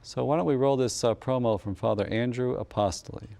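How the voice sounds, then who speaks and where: A man hosting a religious talk show, relaxed and affirming, who closes with a blessing. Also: mid-range voice, brisk, vocal fry. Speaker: host.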